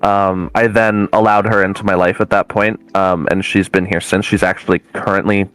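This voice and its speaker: A man's voice: low-pitched, little pitch movement, normal speed, a bit bright, clean tone, rough recording. A man, a guest medium, telling a long story in a casual, rambling way with many fillers and restarts.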